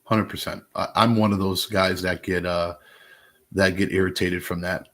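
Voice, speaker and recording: A man co-hosting a podcast who talks in an animated, emphatic way. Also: deep voice, moderate pace. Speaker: podcast co-host. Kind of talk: casual podcast chat.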